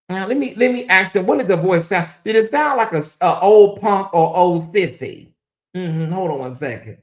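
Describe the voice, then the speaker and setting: A woman host talking on her own commentary stream in a loose, casual way. She drops into low murmurs, then rises into loud, emphatic outbursts. She repeats herself often, as if thinking out loud to her viewers. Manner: animated, repeats questions, swings from muttering to exclaiming.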